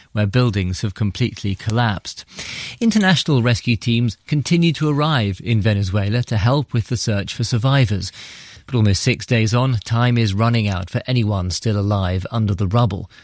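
A man presenting a live radio news programme in a fluent, conversational way. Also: fairly low pitch.

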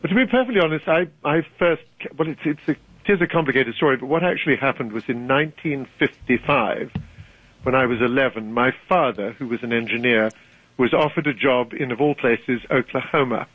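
A man's voice: medium pitch, fairly quick, breathy edge, no room sound. Older british guy on the phone, wry and articulate, tinny dry line. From Britain. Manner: articulate, wry, laughs easily. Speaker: guest author. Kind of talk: radio interview chat.

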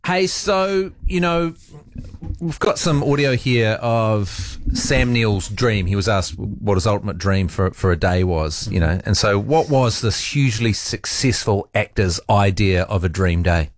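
A man's voice: on the low side, measured pace, no room sound, studio quality. A man hosting a talk radio show in an easygoing, conversational way. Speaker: radio host.

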